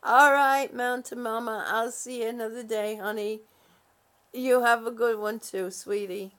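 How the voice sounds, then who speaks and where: Sleepy, giggly woman chatting slowly. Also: on the high side, fairly even intonation, a bit bright. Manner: rambling, giggly, drowsy. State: exhausted, sleepy. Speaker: live-stream host reading viewer comments. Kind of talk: casual live-stream chat.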